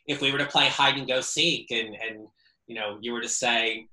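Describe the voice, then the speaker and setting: A man's voice: medium pitch, normal speed, pushed and bright, roomy sound, rough recording. A man speaking as an interview guest, earnest and reflective, often repeating words as he thinks. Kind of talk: casual interview.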